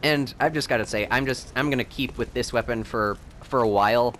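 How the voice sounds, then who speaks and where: A man hosting a video game playthrough, rambling and excitable, and laughing often as he plays. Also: medium pitch, a little fast, slight background noise. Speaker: let's play host. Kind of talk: gameplay commentary.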